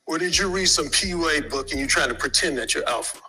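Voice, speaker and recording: A man telling a crude, animated personal story to an audience from a stage. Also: a little high, quick pace, breathy edge, rough recording. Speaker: speaker.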